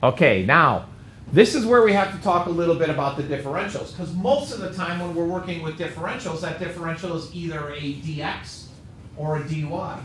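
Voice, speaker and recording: A man's voice: fairly high pitch, animated, brisk, fairly bright tone. A man teaching a calculus class, tired and joking with his students as he works through a problem. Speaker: math teacher. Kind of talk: classroom lecture. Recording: echoey classroom with faint noise.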